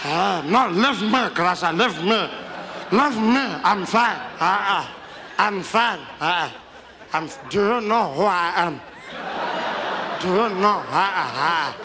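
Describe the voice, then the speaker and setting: A man's voice: high voice, expressive, unhurried, pushed and bright, a faint crowd, slight background noise, exaggerated voice. A male comedian voicing a tipsy elder statesman in his nineties who grandly waves off helpers, in a stand-up impression. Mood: drunk, indignant. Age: 90s. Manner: slurring, waving people off, grandly indignant.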